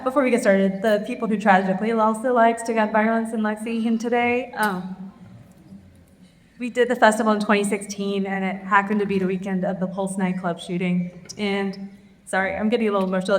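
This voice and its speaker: A woman organizing a festival, giving a halting live stage speech full of ums in a large theater. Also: medium pitch, steady tone. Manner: halting, many ums, gets emotional. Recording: echoey theater hall.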